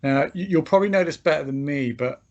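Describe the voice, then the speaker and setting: A man hosting a podcast, putting measured, thoughtful questions to an author. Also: fairly high pitch, darkish tone, dull audio. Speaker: podcast host interviewer. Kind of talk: interview questions.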